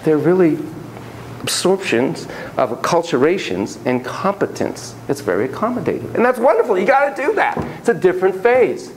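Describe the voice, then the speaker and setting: A man's voice: sits high, very animated, normal speed, slight background noise, poor audio. A man giving a classroom lecture on child therapy, acting out quotes in shifting voices.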